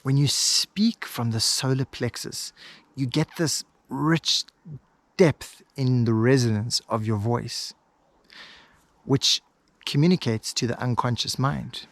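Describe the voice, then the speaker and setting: A man teaching hypnosis, switching between quick lively talk and a slow, soft, paused delivery. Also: mid-range voice, no room sound. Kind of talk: instructional video monologue.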